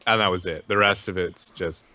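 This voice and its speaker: A man co-hosting a casual recap with a slightly low voice. He is easygoing and chimes in with short, agreeable remarks. The mic is close and the room dry. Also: steady tone, brisk, pushed and bright, dry recording. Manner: laid-back, short agreeing replies. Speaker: podcast co-host.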